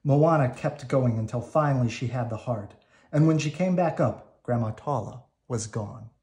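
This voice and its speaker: A man reading a children's storybook aloud at bedtime in a calm, measured way. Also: medium pitch. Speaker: storybook reader.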